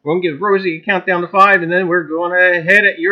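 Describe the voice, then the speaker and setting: A man's voice: high-pitched, steady tone, quick pace, hardly any pauses, pushed and bright. A man with a New Jersey accent hosting a live stream, greeting chat viewers by name with lots of "uh"s. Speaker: livestream host. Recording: dull lo-fi stream audio.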